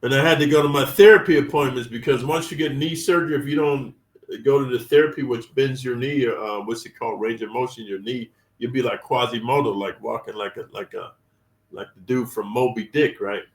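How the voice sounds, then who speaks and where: A man's voice: medium pitch, steady tone, fairly quick. A man hosting his own channel, ranting emphatically with profane street talk as he tells prison stories. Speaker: channel host sharing prison experience. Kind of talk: storytelling rant. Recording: roomy and distant from the mic.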